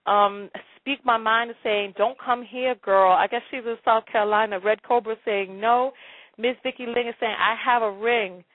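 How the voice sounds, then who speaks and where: A woman's voice: fairly high pitch, fairly even intonation, normal speed, no room sound. A woman hosting a live call-in advice show, stammering through repeats and breaking into laughter and dramatic exclamations. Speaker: radio advice show host. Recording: tinny phone-like line.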